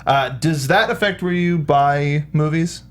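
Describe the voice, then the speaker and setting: A man co-hosting a casual chat show who reads out news items, quick and rambling with many fillers. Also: a little high. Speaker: podcast co-host.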